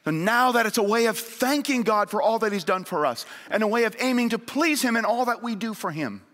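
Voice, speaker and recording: Lively, earnest male preacher. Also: sits high, brisk. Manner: earnest preaching, swinging between raised emphasis and hushed appeals. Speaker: pastor. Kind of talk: sermon. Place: church sanctuary. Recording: long church hall reverb.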